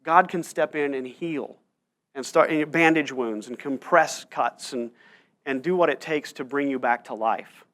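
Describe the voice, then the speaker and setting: A man's voice: medium pitch, measured pace, fairly bright tone. A man around forty, a pastor preaching a sermon, telling stories and checking in with the room with frequent asides. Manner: storytelling with frequent "right?" asides. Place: church.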